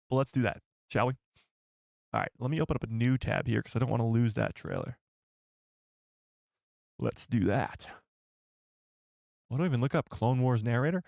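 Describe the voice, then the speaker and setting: A man hosting a live stream, chatting with viewers in an excitable, joking way. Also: mid-range voice, moderate pace, long pauses, no room sound, clean studio sound. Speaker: livestream host.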